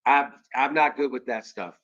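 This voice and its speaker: A man co-hosting a political stream, reading an excerpt aloud in a plain, steady way. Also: medium pitch, moderate pace, lo-fi sound. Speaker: co-host.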